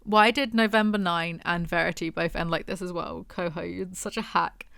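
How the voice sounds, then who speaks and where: A woman's voice: lowish voice, fairly even intonation, normal speed, creaky, a bit bright, clear, resonant tone, no room sound, studio quality. A young woman reviewing a book with snarky, exasperated, mocking commentary.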